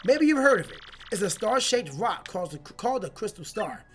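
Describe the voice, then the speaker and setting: A woman doing casual, jokey commentary while playing a video game, rambling and excitable. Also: mid-range voice, brisk, soft background music. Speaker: let's play host.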